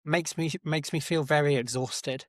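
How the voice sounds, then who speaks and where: A man hosting a podcast, telling stories in an animated, self-deprecating way. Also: fairly high pitch, normal speed, no echo, clean studio sound. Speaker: podcast host. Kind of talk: casual chat.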